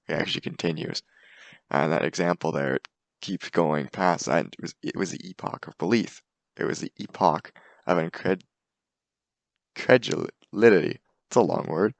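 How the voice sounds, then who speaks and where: Low gravelly young man presenting. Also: dry recording. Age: young adult. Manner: casual, hesitant with many fillers. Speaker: student presenter. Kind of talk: class presentation.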